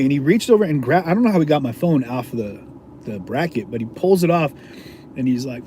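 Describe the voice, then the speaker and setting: A man's voice: on the high side, expressive, moderate pace, warm tone, slight background noise. A man, an independent video journalist, casually telling a story to his viewers in a slangy, laid-back way, chuckling often.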